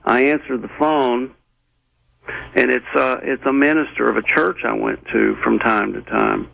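A man as an interview guest, telling a personal story in an earnest, rambling way with many halting restarts. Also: medium pitch, creaky, sharp tone, no echo, lo-fi sound.

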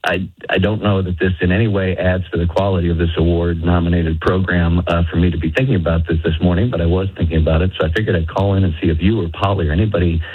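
A man's voice: low voice, steady tone, quick pace, slightly rough. A man calling in to a radio show, rambling and hesitant as he tells his story. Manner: meandering, hesitant with fillers. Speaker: caller. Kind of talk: rambling phone-in call. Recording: tinny phone line.

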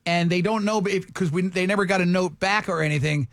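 A man's voice: high-pitched, gravelly, dry recording, studio quality. A male radio host interviewing a guest in a playful, joking way. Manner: playful, joking, quick restarts. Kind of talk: casual interview chat.

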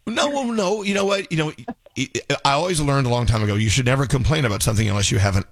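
Male radio host, lively husky voice, dry studio sound, playful banter. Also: mid-range voice, fast talker, dry recording. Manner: animated, joking, stammering restarts.

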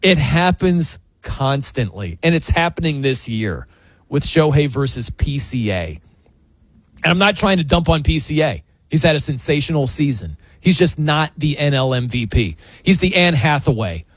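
A man's voice: a little high, normal speed, no room sound. A man hosting a sports talk show, ranting in disbelief as he argues his opinions. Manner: animated, incredulous ranting.

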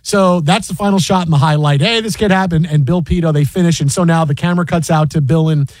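A man hosting a sports radio show from a studio, telling a story in an animated way, acting out quotes and laughing often. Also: fairly high pitch, quick pace, no room sound. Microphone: studio microphone.

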